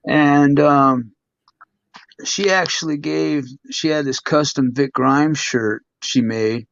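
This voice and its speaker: A man's voice: on the high side, slow pace, vocal fry, fairly bright tone, dull audio. A man, a former wrestler, telling stories in a casual interview with a rambling manner and lots of "you know.". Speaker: guest, former pro wrestler. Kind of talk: casual storytelling in a podcast interview.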